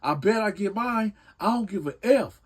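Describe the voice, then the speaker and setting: A man playing a hard, threatening male inmate in a spoken prison story, pressing his demands again and again. The voice sits high and pushy, with a lot of force behind every repeated threat. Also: lively intonation, moderate pace, husky. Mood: aggressive.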